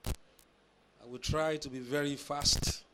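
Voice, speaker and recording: Slow Nigerian pastor preaching. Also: male voice, a little high, steady tone, background noise. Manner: measured, with emphatic drawn-out phrases. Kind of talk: sermon with scripture reading.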